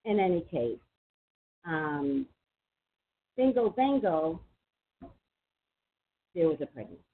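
A woman hosting a psychic call-in show, chatty and emphatic, with quick asides to her listeners. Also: fairly low pitch, big pitch swings, slight background noise. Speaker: psychic radio host. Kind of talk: casual call-in talk. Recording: tinny phone-line sound.

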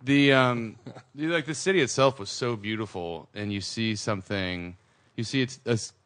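A man co-hosting a podcast in casual chat, telling stories with lively energy and acting out the voices of the people in them. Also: medium pitch, normal speed. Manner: animated storyteller, acts out quoted voices. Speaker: podcast co-host.

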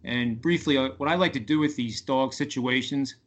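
The recording cuts off the highs of this man's mid-range voice. He's a guest sports betting analyst on a radio podcast, chatting casually but haltingly, with frequent fillers and restarts.

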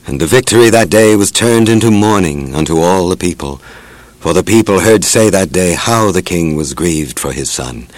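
A low-voiced man reads scripture in a measured and reverent way. The recording is dry and close to the mic, with no room sound. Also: no room sound, poor audio. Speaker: narrator. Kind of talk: solemn scripture reading.

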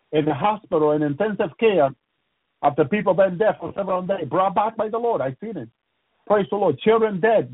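Male minister, husky high voice, halting testimony full of praise interjections, phone-quality dry recording. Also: dry recording. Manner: punctuates every few phrases with "praise the Lord"; halting, repeats words and restarts. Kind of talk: testimony preaching. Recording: dry, tinny phone-like sound.

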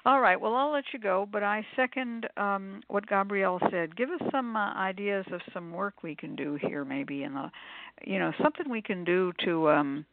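Gravelly caller on a phone line. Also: medium pitch, normal speed, slight background noise. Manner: joking, wry. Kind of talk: casual phone call.

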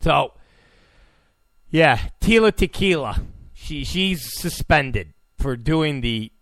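A man with a gravelly voice hosts a talk show, ranting in disbelief with heavy sarcasm. His pitch swings widely as he repeats his points and bursts into shouts. The recording is close and dry. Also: expressive, takes it slowly, no room sound. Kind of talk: ranting commentary. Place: Los Angeles.

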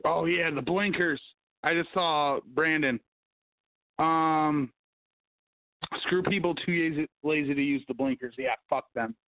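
Speaking at a measured pace with frequent pauses, this fairly high-voiced man hosts a casual livestream podcast, profanely ranting as he reads the news and comments and humming to himself. There's no echo, but the sound is tinny, like a phone.

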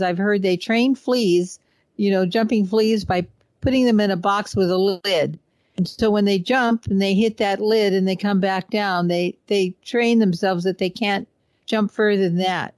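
A woman hosts a radio talk show. She tells anecdotes with lively laughter, and her voice is at a middle pitch. The sound is close and dry, with no room echo. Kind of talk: casual talk radio chat.

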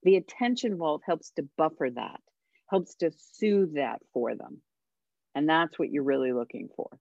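A woman parenting coach and author, a radio interview guest, speaking emphatically and giving tips with dramatic pauses. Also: deep voice, animated, vocal fry, a little mellow, no echo, muffled recording.

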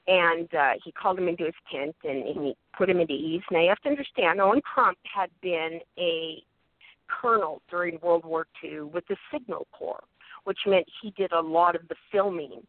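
A woman telling a story as a guest on talk radio, lively and acting out the people she quotes. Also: fairly low pitch, moderate pace, no room sound. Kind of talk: animated anecdote on talk radio. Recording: tinny phone line, dry.

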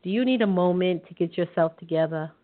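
Soft-spoken woman co-hosting over the phone. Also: on the low side, brisk. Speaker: co-host. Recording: tinny phone-line audio.

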